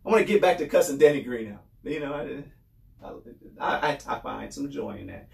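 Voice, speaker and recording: A man from New York State hosts a podcast in a mid-range, animated voice at normal speed, a little mellow with vocal fry, in a roomy, echoing recording. He delivers an impassioned, repetitive monologue, often raising his voice.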